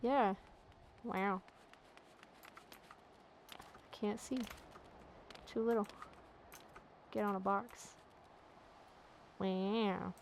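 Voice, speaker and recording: A woman's voice: mid-range voice, fairly even intonation, drawn-out words, pauses often, a little hiss or hum, rough recording. A woman casually commenting on her gameplay with joking, chatty asides into a desk mic. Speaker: let's play gamer.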